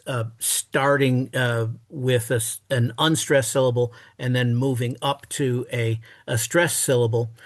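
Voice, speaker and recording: Male academic guest, halting delivery full of fillers, mid-pitched, dry close recording. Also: no echo. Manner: halting, many fillers and restarts; reads verse aloud with exaggerated stress. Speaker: guest scholar. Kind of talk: thoughtful interview answers.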